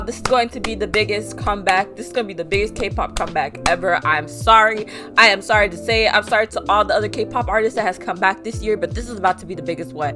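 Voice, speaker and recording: A woman giving an excited, gushing reaction commentary, talking straight to her viewers. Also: medium pitch, quick pace, hardly any pauses, music in the background. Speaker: reaction video host.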